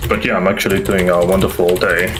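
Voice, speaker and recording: Deep-voiced accented man on a call. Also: little pitch movement, quick pace, background noise. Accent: strong foreign accent. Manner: rambling, repeats "too as well". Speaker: guest on stream. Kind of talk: casual chat over voice call. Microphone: headset over internet call.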